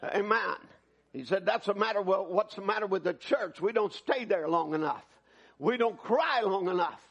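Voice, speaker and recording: A male preacher with a high, husky voice delivers a fervent sermon to his congregation. He moves from loud, urgent appeals to soft, hushed prayer. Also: normal speed, highs cut off. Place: church service.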